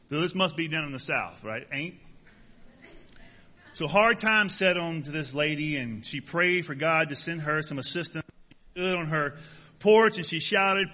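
Middle-aged male pastor, high bright voice, folksy sermon delivery with jokes, church reverb. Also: animated, moderate pace. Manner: folksy, joking asides to the congregation. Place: church sanctuary.

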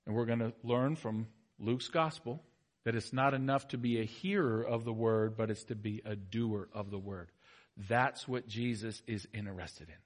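A male pastor preaching a sermon to his congregation, animated, moving between soft asides and loud, emphatic exhortation. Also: on the low side, moderate pace. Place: church sanctuary.

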